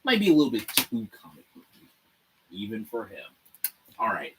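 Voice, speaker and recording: A man's voice: lowish voice, normal speed, slight background noise. A young man hosting a casual livestream, rambling and swearing freely while he builds a set. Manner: animated, rambling, swears freely, laughs often. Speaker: livestream host. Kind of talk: casual livestream chat with viewers.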